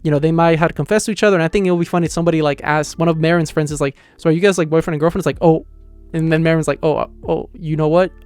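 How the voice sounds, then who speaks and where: A man's voice: a little high, steady tone, rapid-fire, darkish tone, smooth, no echo, soft background music. A young man casually reviewing a manga chapter, rambling with lots of fillers. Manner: rambling, heavy on fillers like "like" and "you know".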